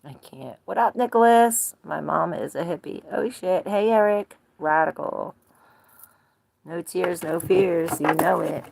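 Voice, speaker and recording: Very gravelly low-voiced woman reader. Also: measured pace, darkish tone, a little hiss or hum. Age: 40s. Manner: rambling, loose and casual, greets chat viewers by name. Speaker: tarot reader. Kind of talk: live tarot reading chatting with viewers.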